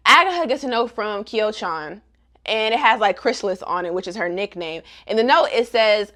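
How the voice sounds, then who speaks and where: Animated slangy young woman vlogger. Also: mid-range voice, normal speed. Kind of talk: casual manga recap.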